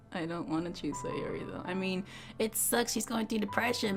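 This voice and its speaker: A woman's voice: fairly low pitch, moderate pace, soft background music. A woman streamer playing a visual novel on a live stream, reacting emotionally and talking through her choices. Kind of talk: let's play commentary and reading aloud.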